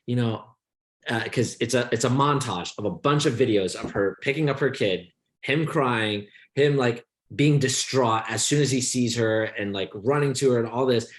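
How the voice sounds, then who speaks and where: A young man co-hosting a podcast, telling long rambling stories in casual chat and swearing freely as he mocks the people in them. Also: mid-range voice. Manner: rambling storytelling, swears freely, mocking quoted voices. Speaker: podcast co-host.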